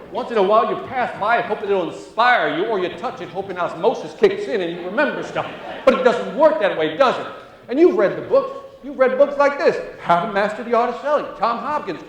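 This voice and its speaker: A man giving an energetic sales seminar, often quizzing the audience with quick questions. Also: sits high. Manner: energetic, asks the crowd questions. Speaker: sales trainer. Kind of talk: motivational seminar talk. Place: seminar room. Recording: echoey room, far from mic.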